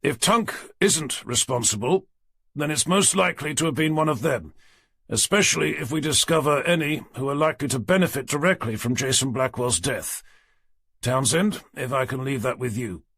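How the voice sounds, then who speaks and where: A man's voice: mid-range voice, moderate pace, vocal fry, a bit bright, slightly rough, dry recording, voice pushed up. A man voicing a weary, sardonic detective inspector in an audiobook, dry and commanding. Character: gruff weary middle-aged male detective inspector. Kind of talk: audiobook character reading.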